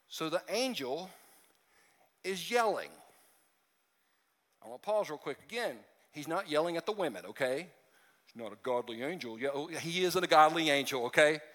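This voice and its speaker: A man's voice: high voice, a bit bright. A man preaching a conversational sermon as pastor, with joking asides and acted-out voices, in a church hall.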